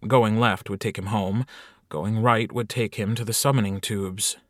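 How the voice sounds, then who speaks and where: A man's voice: lowish voice, steady tone, normal speed, no room sound, clean studio sound. Man narrating a wry audiobook. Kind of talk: scripted narration.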